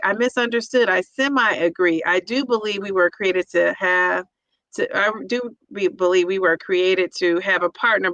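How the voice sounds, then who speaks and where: Woman doing a live chat show, bright tense voice, dry close sound, laughs a lot and reads comments out. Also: mid-range voice, no room sound, low-quality recording. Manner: laughs often, repeats "yes, yes, yes"; chatty with false starts. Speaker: livestream host reading viewer comments. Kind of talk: casual chat.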